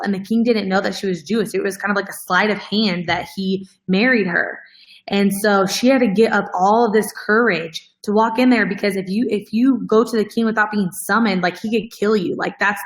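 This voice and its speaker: A woman host talks straight to her followers in a casual, heartfelt way. She is earnest and emotional, close to tears at moments, and her speech is full of fillers. Her pitch is in the middle range for a woman. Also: steady tone, normal speed, rough recording. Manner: earnest, heavy use of "like" as filler. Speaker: host of a fitness coaching show.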